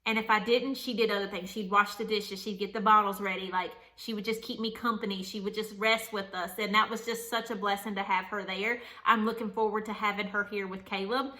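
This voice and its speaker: Bright-voiced chatty young woman. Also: medium pitch, fairly quick, hardly any pauses. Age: young adult. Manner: chatty, animated, candid, laughing. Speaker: vlogger. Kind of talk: casual storytelling to camera.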